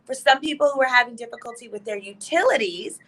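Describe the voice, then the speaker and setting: A woman legal expert explains eagerly and emphatically over a video call from a hotel room. Her voice is bright, forceful and somewhat high. Faint crowd murmur and noise sit underneath. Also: poor audio. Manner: fast, excited, emphatic. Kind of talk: excited explanatory talk show segment.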